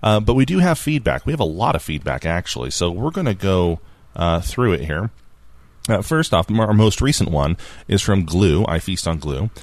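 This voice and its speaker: A man's voice: deep voice, very animated, normal speed, dry recording. A man hosting a podcast, chatting casually, laughing easily and reading out listener feedback. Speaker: podcast host.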